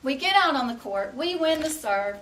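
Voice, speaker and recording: A woman's voice: sits high, animated, moderate pace, a bit bright, recorded from a distance. A middle-aged woman from Texas, giving a humorous tall-tale speech and laughing through her punchlines. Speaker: contest speaker.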